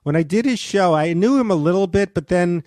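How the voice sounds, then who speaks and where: A man, a guest comedian, telling a podcast story in a rambling, halting way full of fillers. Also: high-pitched, animated, darkish tone, no echo, studio quality.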